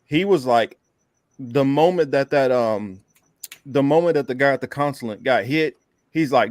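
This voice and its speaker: A man's voice: medium pitch, lively intonation, measured pace, dry recording, studio quality. Casual male podcast co-host. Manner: loose, conversational, trails off and restarts. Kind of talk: casual political chat.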